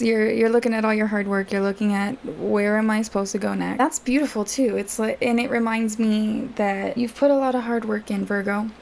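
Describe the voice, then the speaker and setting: A woman's voice: medium pitch, gravelly, a little mellow, a little hiss or hum. A woman doing a casual tarot reading, chatting directly to her viewers with plenty of fillers. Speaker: tarot reader.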